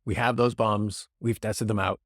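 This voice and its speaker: A man hosting a casual solo podcast, talking in an animated, sarcastic way and slipping into mock voices. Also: fairly low pitch, moderate pace, no room sound, clean studio sound. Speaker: podcast host.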